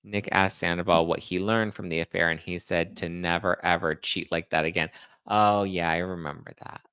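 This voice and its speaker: Chatty man with gravelly low voice. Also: fairly even intonation, normal speed, bright, forceful tone, no room sound. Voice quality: slight lisp. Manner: chatty, rambling, self-deprecating. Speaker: podcast host reading live chat. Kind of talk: casual livestream chat.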